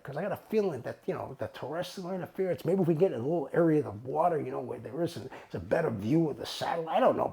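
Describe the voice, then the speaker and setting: A man with a slightly high, gravelly voice tells a casual, profane anecdote. He's animated throughout and acts out both sides of the dialogue himself.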